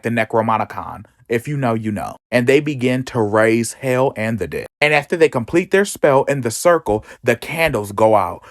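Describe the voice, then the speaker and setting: A man casually summarizing a comic book story, with campy, sassy asides and swearing. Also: mid-range voice.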